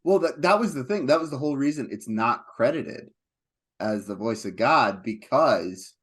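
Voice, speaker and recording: A man co-hosting a film podcast, speaking in an unhurried, hesitant way with frequent ums in a casual chat. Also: mid-range voice, animated, fairly bright tone, husky. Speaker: podcast co-host.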